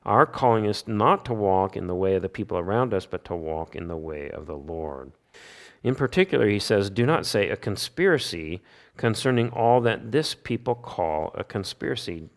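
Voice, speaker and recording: A man giving an expository Bible teaching, stressing points by repeating key phrases and posing rhetorical questions that he then answers himself. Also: fairly low pitch. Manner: emphatic, asks rhetorical questions and answers them.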